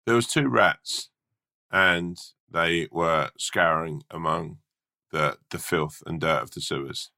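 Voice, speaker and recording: A man's voice: sits low, steady tone, slow pace, creaky, pushed and bright. A man co-hosting a podcast, telling a rambling casual story with lots of fillers and swearing. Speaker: podcast co-host.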